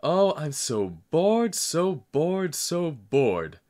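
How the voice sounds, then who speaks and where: A man's voice: on the low side, expressive, measured pace. Man putting on a wailing little girl. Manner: whiny, howling.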